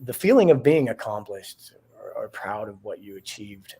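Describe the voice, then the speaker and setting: Gravelly, husky man chatting casually. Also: on the low side, big pitch swings, normal speed, warm tone. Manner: rambling, reflective, laughs often. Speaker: podcast co-host. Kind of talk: casual chat.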